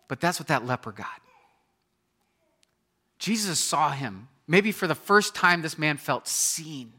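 A man in his thirties preaching a sermon, telling a personal story with animated storytelling and acting out scenes with sudden loud outbursts. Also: a little high. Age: 30s. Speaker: pastor.

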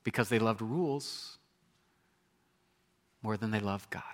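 A man preaching a sermon, animated, acting out voices and swinging from loud exclamations to hushed, quiet lines. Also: on the low side, measured pace. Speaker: pastor. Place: church.

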